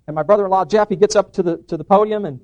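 A middle-aged man giving an animated testimony in church, acting out dialogue and restarting his sentences. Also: high-pitched, rapid-fire. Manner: excited, acts out dialogue, frequent restarts. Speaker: guest speaker giving testimony.

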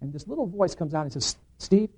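A middle-aged man giving an animated testimony in church, acting out dialogue and restarting his sentences. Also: fairly high pitch, fast talker, breathy edge. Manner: excited, acts out dialogue, frequent restarts. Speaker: guest speaker giving testimony.

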